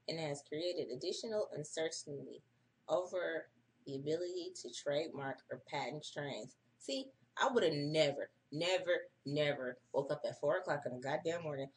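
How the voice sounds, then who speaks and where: A woman hosting a casual early-morning livestream, profane and chatty, reading an article aloud and breaking off for her own asides. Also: sits low. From United States. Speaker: livestream host.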